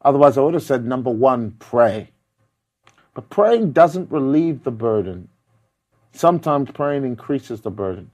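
Male preacher, mid-pitched voice, emphatic delivery that moves from loud to hushed, numbered points and scripture. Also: animated, a little slow. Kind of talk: sermon.

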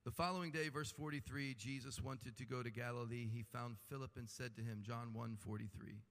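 A man's voice: mid-range voice, steady tone, fairly quick, a bit bright. A man preaching a sermon with impassioned delivery and humorous asides, rising and falling in intensity. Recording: long hall reverb.

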